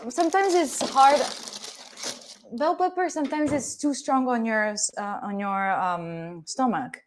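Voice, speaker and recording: A young woman from Italy with a high voice and an Italian accent cooks in her home kitchen, chatting with her stream at a measured pace. Slight background noise can be heard as she teases her viewers and swears freely in a playful, chatty way.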